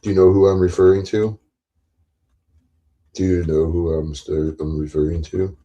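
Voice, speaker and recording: A man's voice: low-pitched, flat delivery, moderate pace, dark tone, lo-fi sound. A middle-aged man hosting a casual livestream, rambling, joking crudely and laughing often. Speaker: livestream host.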